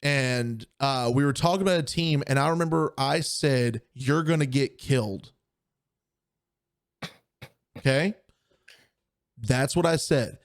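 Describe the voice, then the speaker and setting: A man's voice: mid-range voice, a little slow, smooth. A young man co-hosting a podcast, telling a story in casual chat and acting out the people he quotes. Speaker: podcast co-host.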